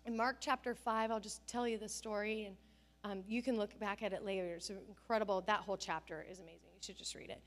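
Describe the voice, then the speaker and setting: A woman's voice: mid-range voice, fast talker. A middle-aged woman pastor giving a sermon, telling family stories and acting out the people she quotes. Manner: animated storytelling, acts out family scenes and quotes with bursts of laughter.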